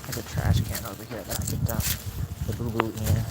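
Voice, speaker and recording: A woman's voice: very deep voice, flat delivery, fairly quick. Woman chatting on a phone walk. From Mississippi. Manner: chatty, coaxing the dogs between remarks to viewers. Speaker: livestreamer. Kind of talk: casual live-stream chat. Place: outdoors on a city walk. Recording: phone audio with loud outdoor noise. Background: loud outdoor noise.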